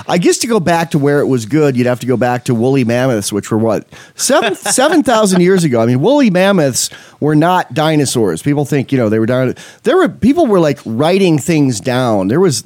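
A man from Wyoming co-hosts a loose political podcast, wandering from point to point with a wry edge. His voice sits at an ordinary middle pitch, recorded close and dry with no room sound. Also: darkish tone, no echo. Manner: rambling, wry, laughs at own jokes. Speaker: podcast co-host. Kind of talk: casual political chat.

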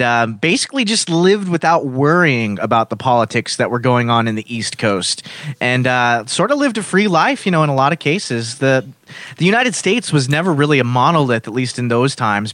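A man from Utah talks politics on a podcast, laying out his arguments in a measured way. His voice has an average pitch and is recorded close and dry. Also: fairly bright tone, no room sound. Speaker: podcast co-host. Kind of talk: casual political chat.

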